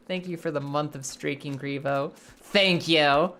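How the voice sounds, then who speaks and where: A woman's voice: sits low, steady tone, unhurried, fairly bright tone. A young woman casually chatting to her live chat while playing a game, swearing now and then. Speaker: streamer. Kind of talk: live gameplay commentary.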